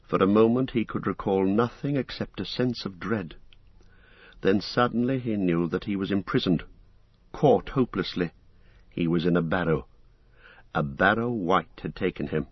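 A deep-voiced man with a husky edge narrates a fantasy tale in a measured, dramatic way. The sound is dry and close, yet dull and muffled, like a lo-fi recording. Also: no echo. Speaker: audiobook narrator.

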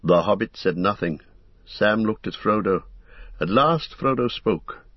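A man narrating an audiobook in a calm, even reading voice. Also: fairly low pitch, a little slow, slightly rough, no room sound. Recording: dull lo-fi recording.

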